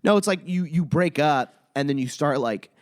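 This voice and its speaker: A young man and comedian chatting casually as a podcast guest, telling an animated story and swearing a lot. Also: on the high side, moderate pace. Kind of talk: casual chat.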